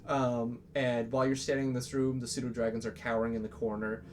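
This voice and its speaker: A man narrating as game master in a casual, halting way, with many fillers. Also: mid-range voice, level tone, a little hiss or hum.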